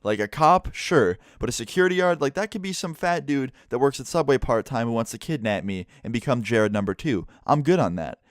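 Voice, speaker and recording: A young man telling a story in a blunt, animated way, swearing at times. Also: mid-range voice, a little fast, hardly any pauses, no room sound, studio quality. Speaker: vlogger. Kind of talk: casual storytime.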